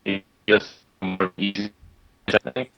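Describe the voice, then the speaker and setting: A man's voice: fairly low pitch, fairly even intonation, takes it slowly. A man co-hosting a podcast in casual chat, remote on a phone app, speaking in short interjections and brief questions. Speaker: podcast co-host. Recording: dull lo-fi line from a phone app.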